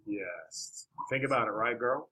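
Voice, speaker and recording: Male teacher, classroom, bright tone, encouraging and coaxing. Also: mid-range voice, measured pace, poor audio. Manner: encouraging, coaxing questions, many "all right"s. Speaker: math teacher.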